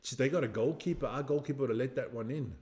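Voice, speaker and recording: A man's voice: medium pitch, fast talker, a little mellow. Middle-aged male stream host, rambling and chatty, mid-range voice, answers viewers and jokes about getting old. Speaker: watch-along stream host. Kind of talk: casual live stream chat reacting to a match.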